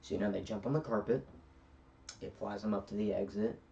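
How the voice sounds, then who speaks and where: A man's voice: on the low side, steady tone, fairly quick, gravelly, mellow. A man giving a casual film review, retelling scenes in a rambling way with many fillers. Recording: distant, dull lo-fi recording.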